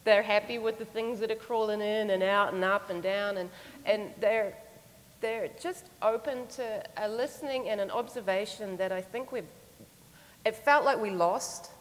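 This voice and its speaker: A woman's voice: mid-range voice, normal speed, big-room sound, low-quality recording. A woman giving a conference talk, telling a story in an earnest, reflective way. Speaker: conference speaker.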